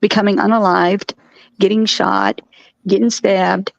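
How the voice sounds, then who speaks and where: Gravelly woman telling a story on a stream. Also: mid-range voice, unhurried, dry recording. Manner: animated storyteller, acts out quotes. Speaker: co-host. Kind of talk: casual chat on a live stream. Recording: dull, dry lo-fi stream audio.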